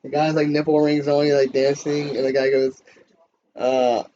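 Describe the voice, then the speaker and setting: A man's voice: mid-range voice, flat delivery, normal speed, mellow, dull audio, a little hiss or hum. A man hosting a podcast in casual chat, rambling and profane with lots of filler words. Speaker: podcast host.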